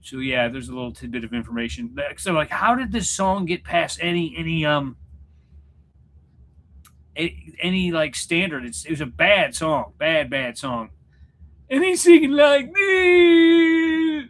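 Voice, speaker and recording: A man talks to his livestream viewers in a loose, wandering way, often joking about himself. His voice sits a little high and sounds bright and forward. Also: moderate pace. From Missouri, USA. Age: 40s. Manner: rambling, self-deprecating, joking. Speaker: livestream host chatting with viewers. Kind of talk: casual livestream chat. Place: room at home, in front of a mirror.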